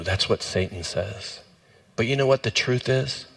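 An impassioned male pastor preaching in a slow, deliberate rhythm. His speaking pitch is moderate for a man, but it leaps high when he drives a point home. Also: creaky, fairly bright tone. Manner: impassioned, swings up in pitch for emphasis. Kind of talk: sermon.

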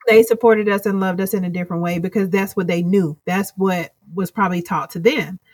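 A woman's voice: medium pitch, fairly even intonation, a little fast, darkish tone, husky, dry recording. A woman guest in an interview, speaking earnestly and reflectively, rambling through her thoughts. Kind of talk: casual interview chat.

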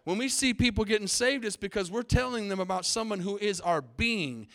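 A man with a high voice preaches to his congregation from the pulpit. He is emphatic and calls for responses from the listeners. He sounds middle-aged and speaks as their pastor. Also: brisk, fairly bright tone. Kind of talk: sermon. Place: church sanctuary.

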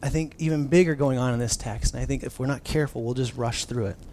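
A man in his thirties preaching a sermon, telling stories with lively restarts. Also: mid-range voice, quick pace, a little hiss or hum. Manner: animated storytelling with many restarts. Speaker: pastor.

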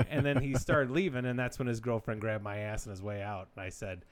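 A man in his thirties co-hosting a casual podcast, telling stories with animated energy and frequent laughs. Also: on the low side, a little fast, hardly any pauses. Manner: animated storyteller, laughs often. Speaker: podcast co-host. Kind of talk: casual chat.

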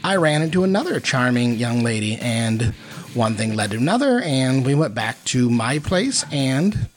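A man's voice: mid-range voice, big pitch swings, moderate pace. A man telling a rambling, self-mocking story in a casual monologue, with many fillers. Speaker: podcast host. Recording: faint guitar music behind.

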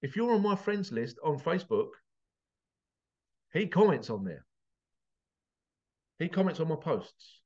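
A man's voice: on the high side, sing-song, measured pace, pauses often, mellow, muffled recording. A man giving an emotional motivational talk, passionate and swearing, his voice breaking as he gets teary. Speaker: motivational vlogger.

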